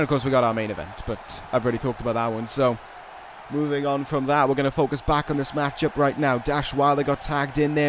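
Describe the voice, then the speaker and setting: A man giving play-by-play commentary over a wrestling video game, with casual, rambling asides and restarts, and excited calls on big moves. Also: mid-range voice, a little hiss or hum. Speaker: gaming video host.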